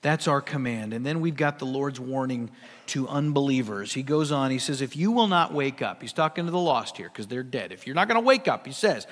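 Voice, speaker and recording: A man's voice: medium pitch, expressive, fairly quick. A middle-aged man preaching a sermon, conversational and emphatic, building to urgent questions. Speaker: pastor. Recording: long reverb of a large hall.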